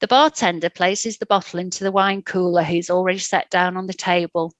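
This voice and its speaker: A woman reading her own short story aloud in a calm, measured way. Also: lowish voice, no echo.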